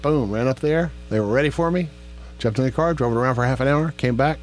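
A man's voice: mid-range voice, brisk, faint music behind. Chatty man co-hosting a podcast. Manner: chatty, animated storytelling with quoted voices. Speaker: podcast co-host. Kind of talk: casual chat.

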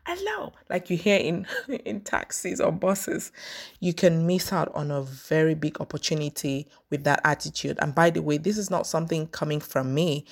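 A young woman from Cameroon talks to camera in a low, deep voice, telling a personal story and mixing in advice for job seekers. Her delivery is casual and animated, full of fillers and restarts, and she acts out phone calls as she goes. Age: young adult. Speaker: vlogger giving career advice.

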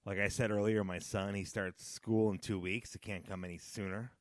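A man in his thirties hosting a casual solo podcast, rambling and nostalgic with sudden loud high-pitched outbursts. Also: level tone, moderate pace, dry recording, studio quality. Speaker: podcast host.

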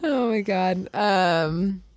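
A woman's voice: medium pitch, extremely slow, no echo. A woman co-hosting a podcast in casual chat, giggly and freely profane. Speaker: podcast co-host.

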